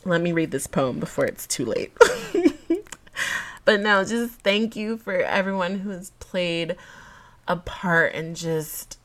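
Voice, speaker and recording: A woman's voice: on the low side, slow, pauses often, a bit bright. A young woman hosting her own podcast, talking casually to listeners with slang and frequent laughs, sometimes close to tears. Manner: laughs often, emotional, tearing up at times; slang-filled, speaks to listeners as y'all. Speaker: podcast host. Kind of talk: casual solo podcast talk.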